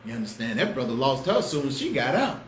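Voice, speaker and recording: A man preaching a street-style Bible class, fiery and slangy, swinging between loud outbursts and low asides. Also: big pitch swings, fast. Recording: echoey room with faint background noise.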